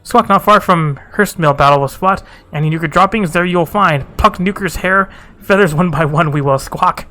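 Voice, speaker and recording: A squawking birdman from a fantasy game, proud and excitable, twisting his sentences backward, as a man puts him on. The voice sits high and bright. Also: moderate pace, few pauses. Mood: vengeful. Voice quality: squawks, backward word order.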